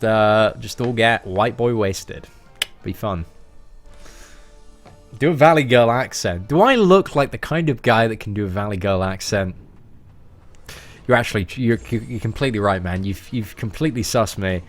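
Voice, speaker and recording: A young man, chatting in a rambling, slangy way while livestreaming a game from home. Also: medium pitch. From England. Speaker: gaming livestreamer. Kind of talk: casual livestream chat.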